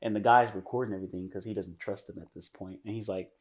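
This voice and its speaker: A man's voice: lowish voice, steady tone, fast, darkish tone. A man co-hosting a podcast, retelling a story in casual chat with many restarts. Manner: rambling, many restarts, acts out quotes. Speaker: podcast co-host.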